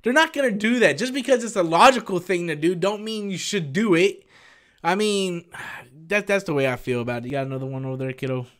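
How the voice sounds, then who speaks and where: A man hosting a casual live-stream Q&A, rambling and animated as he answers viewer questions and swears freely. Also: high voice, a little fast.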